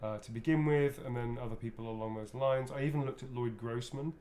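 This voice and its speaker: A man's voice: medium pitch, a little fast, warm tone. Chatty man rambling through a fan Q&A. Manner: rambling, self-correcting, chatty. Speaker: voice actor answering fan questions. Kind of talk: casual live Q&A while signing autographs.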